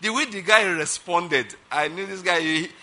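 A man's voice: high-pitched, moderate pace, pushed and bright. A middle-aged man preaching a sermon emphatically, often checking that listeners follow his point. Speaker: pastor.

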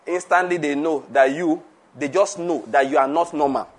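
A man's voice: a little high, normal speed. A man preaching a conversational sermon, laughing often, repeating himself and asking the audience questions.

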